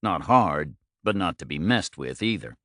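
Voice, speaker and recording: A man narrating an audiobook in measured, clipped phrases. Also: deep voice, expressive, pushed and bright, dry recording, studio quality.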